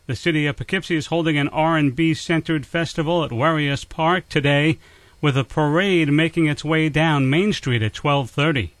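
A man with a fairly high voice reads the local radio news. His delivery is steady and measured. The sound is dry and close to the mic. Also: no room sound. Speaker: local newsreader.

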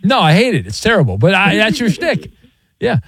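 A man's voice: high voice, huge pitch swings, fairly bright tone, slightly rough, no room sound, studio quality. A man hosting a late-night sports radio show, teasing a caller and rolling into a promo. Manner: playful, teasing, quick ad reads. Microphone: studio mic.

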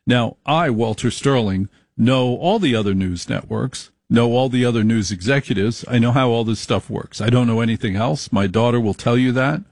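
A man's voice: medium pitch, normal speed, hardly any pauses, no echo. A man, a radio executive, delivering an emphatic, repetitive, salesman-like speech to station affiliates.

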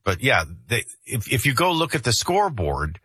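Mid-range, husky, pushed and bright, this man's voice swings widely in pitch at a moderate pace, captured dry and at studio quality through a studio microphone. Hosting a morning radio talk show from the studio, he chats about sports and reads the news, frequently restarting his sentences.

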